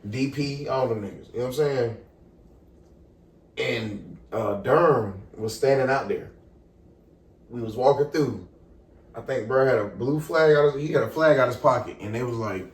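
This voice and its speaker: A young man casually telling a story on a podcast, animated and profane, acting out the people in it. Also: medium pitch, normal speed. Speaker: podcast co-host. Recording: echoey room, far from the mic.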